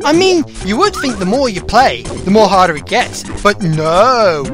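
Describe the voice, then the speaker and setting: A game reviewer giving gameplay commentary, ranting loudly and swearing at the game. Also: mid-range voice, sing-song, measured pace, few pauses. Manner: loud profane ranting at the game. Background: game music.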